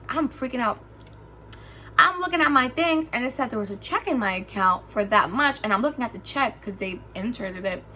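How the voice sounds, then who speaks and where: A young woman telling a storytime vlog, lively and swearing freely, acting out what people said to her. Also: a little high, slight background noise. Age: young adult. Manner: animated, swearing, acts out quotes. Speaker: vlogger. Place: indoors, lying down at home.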